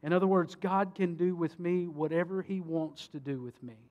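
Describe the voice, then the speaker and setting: A man, a pastor, preaching a sermon and reading scripture, swinging between emphatic peaks and hushed solemn passages. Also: high voice, steady tone, moderate pace, muffled recording. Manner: rhetorical questions to the congregation.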